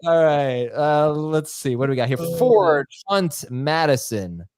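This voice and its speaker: A man hosting a live fantasy football Q&A, sitting a touch higher than most men in pitch. He reads viewer questions aloud and keeps dropping playful puns between answers. The sound is dry and close, with no room around it. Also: lively intonation, measured pace, darkish tone, clear, resonant tone, no echo. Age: adult. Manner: jokey, punning, reading viewer questions aloud. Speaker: host.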